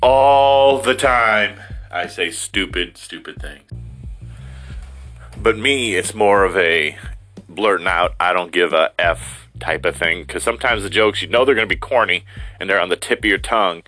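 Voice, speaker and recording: A man's voice: low-pitched, normal speed, sharp tone, faint music behind. A middle-aged man from Ohio rambling in a casual, self-deprecating monologue, slipping into silly voices as he talks. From Ohio, USA. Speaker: vlogger.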